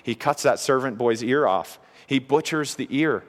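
A male pastor delivers a sermon in an earnest, conversational way, often repeating his points for emphasis. His voice sits at an ordinary middle pitch. It rings out with the long reverb of a large hall. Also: normal speed. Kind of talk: expository sermon.

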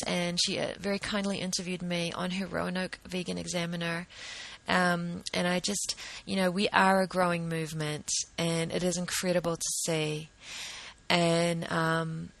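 A woman's voice: on the low side, little pitch movement, normal speed, vocal fry, no echo, poor audio. A woman advocate speaking earnestly and urgently about justice, often restarting her sentences. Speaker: vegan advocate. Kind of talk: impassioned talk to camera.

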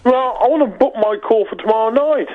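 Very high-voiced man on a dull phone line. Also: fairly quick. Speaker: caller. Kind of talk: phone-in call.

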